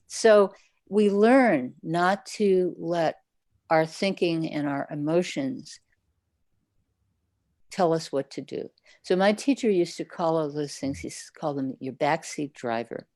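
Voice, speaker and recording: A woman's voice: on the low side, a little mellow, no echo. A woman Zen teacher answering questions in a livestream talk, conversational, now and then acting out people's inner voices. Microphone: livestream setup.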